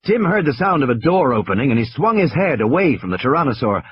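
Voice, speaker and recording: A man's voice: medium pitch, big pitch swings, fast talker, dull audio, slight background noise. A man narrating an audiobook with a tense, dramatic delivery.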